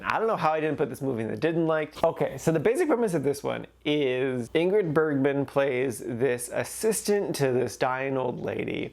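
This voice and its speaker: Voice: mid-range voice, vocal fry. A movie reviewer giving casual, blunt opinions and filling the talk with "like". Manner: chatty, blunt, heavy use of "like".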